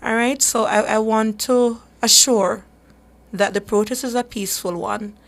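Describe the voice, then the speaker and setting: A woman's voice: fairly high pitch, steady tone, a little slow, gravelly. A woman, a human rights advocate hosting a radio talk show, speaking earnestly and emphatically with frequent restarts. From Jamaica.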